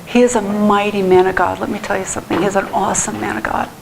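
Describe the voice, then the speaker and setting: A woman's voice: medium pitch, fairly even intonation, quick pace, vocal fry, background noise. A woman pastor giving a heartfelt, earnest sermon in a church, often restarting her sentences.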